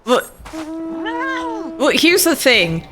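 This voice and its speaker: A woman's voice: sits high, big pitch swings, very slow, over music. Giggly woman from northern france, first language french, chatting thru a game stream. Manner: giggly, laughs often. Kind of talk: casual gaming chat.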